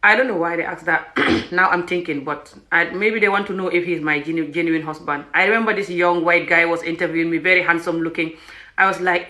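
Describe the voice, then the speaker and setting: A woman vlogger telling a story in a chatty, animated way that often tips into laughter. Her voice is bright and sharp, and it rings through an echoey room. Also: lowish voice, brisk. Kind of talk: casual storytelling to camera.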